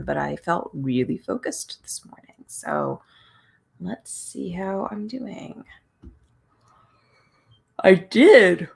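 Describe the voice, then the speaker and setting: A tired, yawning woman hosting an early-morning writing livestream, chatting casually with many restarts and soft laughs. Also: on the low side, creaky. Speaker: livestream host running writing sprints. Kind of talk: casual live stream chat.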